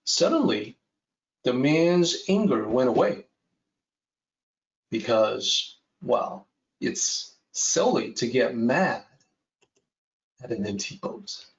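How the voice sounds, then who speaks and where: A man teaching a Taoist text, telling a traditional story in a measured lecture style. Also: mid-range voice, far from the mic. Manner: slow, measured, with lively rises and falls. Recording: echoey room, dull sound.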